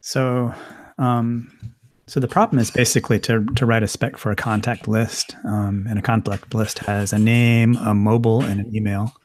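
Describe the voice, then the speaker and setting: A man hosting a casual technical chat on a video call, relaxed and thinking aloud with fillers. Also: fairly low pitch, moderate pace.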